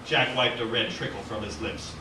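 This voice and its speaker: A man reading from his own novel at an open mic in an art gallery, animated, with asides and self-corrections. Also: medium pitch, moderate pace, background noise. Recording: echoey gallery from far off.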